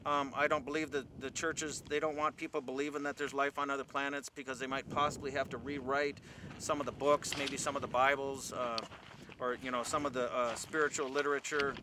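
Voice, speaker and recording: A man's voice: medium pitch, little pitch movement, fairly quick. A man being interviewed outdoors, talking hesitantly with lots of fillers and restarts. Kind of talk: outdoor interview, casual recollection. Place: outdoors in desert wind. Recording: loud wind noise on mic.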